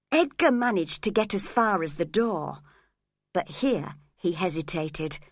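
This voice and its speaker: A woman narrating a graded story for English learners, clear, expressive and deliberate. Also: medium pitch, no echo, studio quality.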